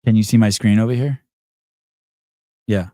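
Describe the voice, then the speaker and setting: A man's voice: fairly low pitch, fairly even intonation, normal speed, mellow, no room sound, clean studio sound. A man hosting a podcast, teasing and quizzing a guest in casual, profane banter. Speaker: podcast host. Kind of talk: casual live-show banter.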